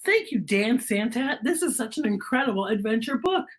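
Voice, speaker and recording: A woman's voice: a little high, lively intonation, moderate pace, slightly rough. A woman hosting a children's storytime, reading a picture book aloud and asking her young listeners questions, sometimes dropping to a whisper.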